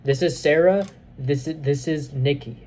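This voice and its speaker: A man with a fairly high voice retells a film's plot as a casual reviewer. He is excitable and rambles, full of fillers and restarts. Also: moderate pace, slight background noise. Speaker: movie reviewer.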